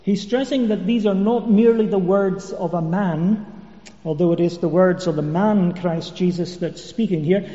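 A man preaching a sermon in a measured, expository way, with occasional fillers. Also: sits high, mellow. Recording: dull echoey church hall recording.

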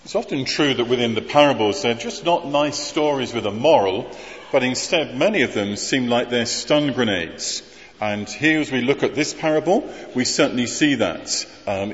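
A man's voice: mid-range voice, expressive, moderate pace. A man preaching a sermon, conversational and wry, asking rhetorical questions. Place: church. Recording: muffled voice in a reverberant church.

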